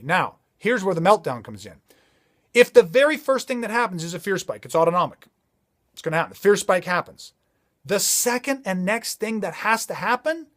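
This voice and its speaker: A man's voice: high-pitched, fairly bright tone. A man giving a motivational safety talk, emphatic and driving his points home with repeated rhetorical questions. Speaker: safety trainer.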